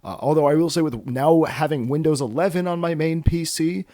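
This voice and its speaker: A man's voice: on the high side, brisk, warm tone, dry recording, studio quality. A man hosting a solo casual podcast, rambling and cursing with self-mocking jokes, tired from too little sleep. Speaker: podcast host.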